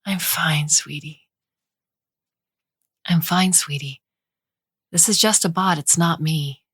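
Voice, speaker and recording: Lady doing a gentle robot mom, soft little whispers, low voice, dry. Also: unhurried, breathy edge, dry recording. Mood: tender. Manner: soft, tender, partly whispered. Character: gentle robot stand-in for a loving mother.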